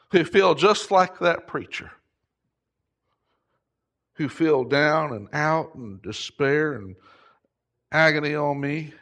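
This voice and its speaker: A middle-aged man preaching a sermon, impassioned, rising to shouts at its peaks. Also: a little high. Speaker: pastor.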